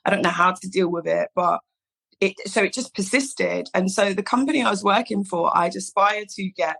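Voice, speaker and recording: Woman, 30s, podcast guest, lively storyteller, quotes dialogue, lots of "like". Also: mid-range voice, moderate pace, creaky, slightly rough. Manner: animated storyteller, acts out quoted dialogue, many "like"s. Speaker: podcast guest, hairstylist founder. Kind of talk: casual storytelling interview.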